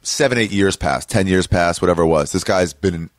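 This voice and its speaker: A man's voice: low-pitched, brisk, no room sound. A man hosting a comedy podcast, chatting casually and profanely, acting out quoted voices. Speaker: podcast host.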